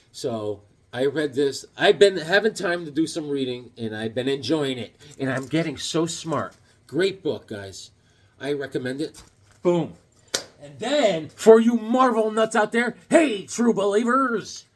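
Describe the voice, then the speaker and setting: A middle-aged man chatting casually about his comic books, an animated storyteller who acts out voices as he goes. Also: a little high. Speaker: comic book vlogger. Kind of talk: casual show-and-tell chat.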